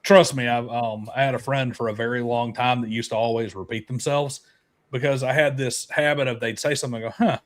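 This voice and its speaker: A man's voice: mid-range voice, steady tone, fairly quick. Easygoing man hosting a podcast. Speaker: podcast host. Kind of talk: casual chat.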